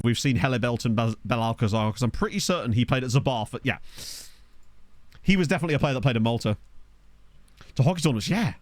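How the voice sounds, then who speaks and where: Fast-talking british guy streaming a football manager game, bouncy lively voice, dry close mic, chatty with his viewers. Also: medium pitch, no echo. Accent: neutral British English. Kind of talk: casual live-stream chat. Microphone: desktop USB microphone.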